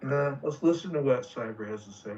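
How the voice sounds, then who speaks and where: A man's voice: medium pitch, expressive, a little fast, a little mellow. Guy tossing in lazy jabs, sounds far away and muffled. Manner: offhand, mocking. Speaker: voice chat participant. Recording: distant, dull lo-fi mic.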